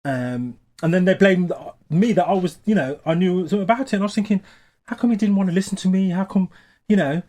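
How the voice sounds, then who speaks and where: A man being interviewed for a documentary, recounting a memory hesitantly with many "um"s and growing animated as he talks. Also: sits high, fast talker.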